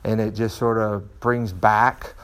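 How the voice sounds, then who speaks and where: Speaking slowly in a smooth, lowish voice, this middle-aged man is a martial arts student sharing frank personal stories in a dojo. He's animated and keeps restarting as he goes.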